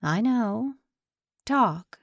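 A woman's voice: fairly high pitch, expressive, very slow, dry recording, studio quality, exaggerated voice. A woman narrator voicing a stern, cold male general who talks curtly and dismissively. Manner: curt, dismissive, unmoved.

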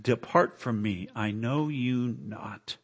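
Preacher guy doing jesus, quiet and sad, slow and bright. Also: fairly high pitch, lively intonation, slightly rough, full character voice. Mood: sorrowful. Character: sorrowful gentle Jesus, grown man, calm.

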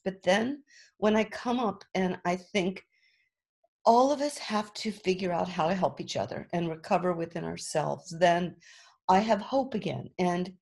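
A middle-aged woman, a restaurant owner guesting on a podcast, talking earnestly and emotionally in quick bursts. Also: lowish voice, a little mellow. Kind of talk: podcast interview.

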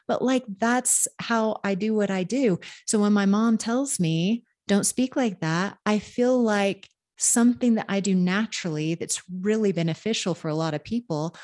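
A woman guest who works as an intuitive and medium speaks earnestly and reflectively about life purpose in a spiritual advice conversation, acting out the voices of family members. Her voice is mid-range with a darkish tone.

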